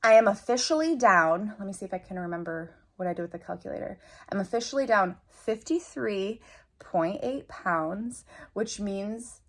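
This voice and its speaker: A woman in her thirties speaks straight to her viewers in a personal vlog update. Her voice sits at an ordinary middle pitch, and her delivery is earnest and chatty, with an open, heartfelt tone. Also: moderate pace. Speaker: vlogger.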